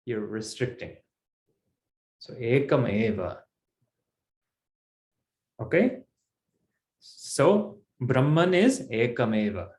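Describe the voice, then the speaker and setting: A man teaching a language class at an unhurried pace, his pitch rising and falling freely as he explains each point patiently. His voice sits in a roomy, echoing space. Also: big pitch swings, darkish tone. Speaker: Sanskrit teacher.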